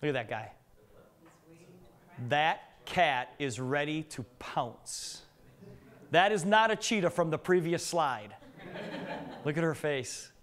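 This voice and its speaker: A middle-aged man with a fairly high voice speaks to a live audience in a meeting room. He tells joking stories and keeps asking the crowd questions. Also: expressive, takes it slowly, pauses often, a bit bright. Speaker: business presenter. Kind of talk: live business presentation with anecdotes.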